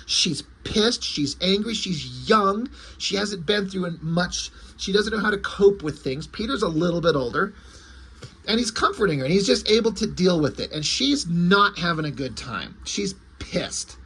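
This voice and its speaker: A man's voice: high-pitched, lively intonation, measured pace, fairly bright tone, a little hiss or hum. A man casually reviewing an old comic book, rambling and correcting himself as he goes, with the odd swear word.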